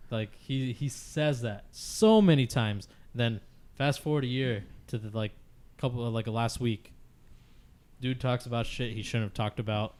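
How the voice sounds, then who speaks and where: A man of middle pitch chats on a gaming podcast in a loose, frank way. He fills his talk with filler words and swears casually as he gives his opinions. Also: a little slow, darkish tone.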